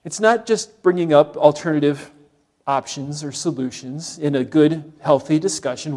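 A middle-aged man preaching a sermon in an animated way, acting out the complaining voices he quotes. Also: a little high, moderate pace. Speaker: pastor.

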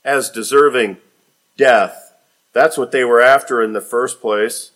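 A man preaching a sermon, growing emphatic and louder when he quotes scripture. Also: mid-range voice, steady tone, a little slow. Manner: emphatic preaching, rising loud on quoted lines. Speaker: pastor.

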